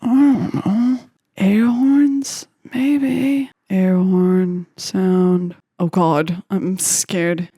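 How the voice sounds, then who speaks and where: A young woman talks her way through making a beat at home, chatty and giggly, half to herself and half to viewers. She speaks at an unhurried pace in a mellow, darker tone. The recording is close and dry. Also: mid-range voice, fairly even intonation, breathy edge, no room sound. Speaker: beatmaker making a track on camera. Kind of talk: casual chat while making music.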